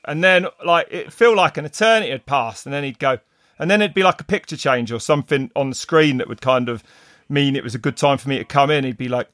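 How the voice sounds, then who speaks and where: A middle-aged man, a race commentator, telling stories in casual chat, rambling and animated with many restarts. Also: mid-range voice, fast talker, no room sound, studio quality. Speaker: mountain bike race commentator. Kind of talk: casual podcast storytelling.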